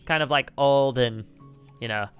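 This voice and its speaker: A man's voice: medium pitch, measured pace, a bit bright, clean tone. A man co-hosting a gaming video, rambling casually and poking fun at himself. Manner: rambling, self-mocking. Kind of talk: casual gameplay chat. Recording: light background music.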